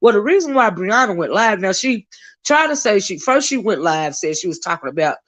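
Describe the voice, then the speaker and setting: A woman's voice: medium pitch, big pitch swings, brisk. A woman hosting a live gossip stream, chatty and blunt, cussing freely and greeting viewers in the chat. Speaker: livestream host. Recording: dull lo-fi stream audio.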